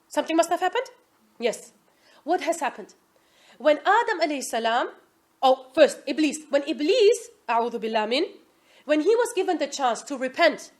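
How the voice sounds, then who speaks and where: High-voiced woman teaching an Islamic class. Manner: asks the class "Yes?" often, lively quoting. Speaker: religious teacher.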